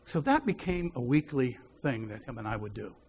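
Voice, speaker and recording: A man's voice: medium pitch, lively intonation, moderate pace, darkish tone, slight background noise. A man preaching a sermon, telling a personal story with frequent chuckles. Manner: chuckles often while telling stories.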